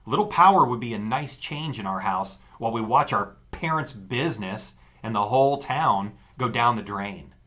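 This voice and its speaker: A man's voice: medium pitch, expressive, moderate pace, few pauses, sharp tone. A man voicing an angry, sarcastic teenage girl arguing with her brother in an audiobook. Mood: scornful. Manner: sarcastic, cutting. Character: angry scornful teenage girl, the narrator's sister. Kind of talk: audiobook dialogue.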